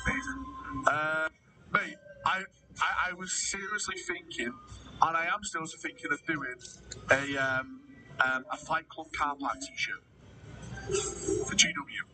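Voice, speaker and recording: A man's voice: a little high, recorded from a distance, noisy background. A man chatting casually on a livestream, answering viewers, calling them mate and swearing freely. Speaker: livestreamer reading chat.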